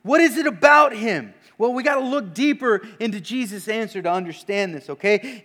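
High-voiced earnest male preacher. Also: moderate pace, hardly any pauses. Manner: earnest, questioning, often drops to a hushed emphasis. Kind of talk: sermon.

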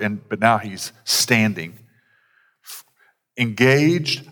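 A man's voice: mid-range voice, moderate pace, fairly bright tone. A man, a pastor, preaching a sermon in a conversational way with casual asides. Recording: long hall reverb.

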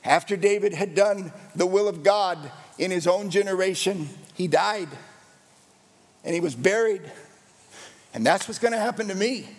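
A man's voice: high-pitched, moderate pace, in a large hall. A man preaching a sermon as pastor, with an emphatic, repetitive cadence.

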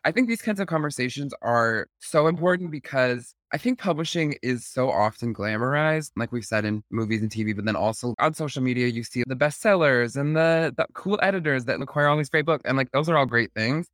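A man's voice: medium pitch, animated, fairly quick, few pauses, a bit bright, no echo, studio quality. A man hosting a casual podcast interview, talking in a chatty, self-deprecating way with lots of "like" fillers. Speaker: podcast host.

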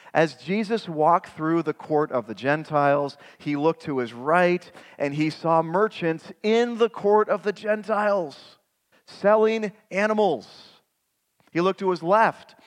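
A middle-aged male pastor delivering a sermon at an unhurried pace, his voice sitting a little high for a man. He tells the story dramatically, building to loud, emphatic peaks.

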